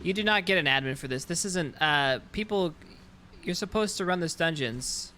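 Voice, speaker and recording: A man's voice: sits high, animated, moderate pace, sharp tone, a little hiss or hum. A man streaming a roleplay game, ranting in exasperation and swearing often. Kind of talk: casual game chat.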